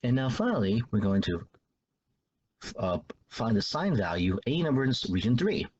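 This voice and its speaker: A man's voice: medium pitch, sing-song, moderate pace, a little mellow, slightly rough, lo-fi sound. A man teaching a math lesson in a casual, loose way, repeating himself as he explains. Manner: loose, repetitive explaining with restarts and fillers.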